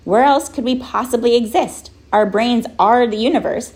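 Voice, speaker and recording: A woman voicing a dreamy, wordy, self-absorbed boy who talks in an unhurried, musing way. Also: on the high side, a little mellow, natural voice.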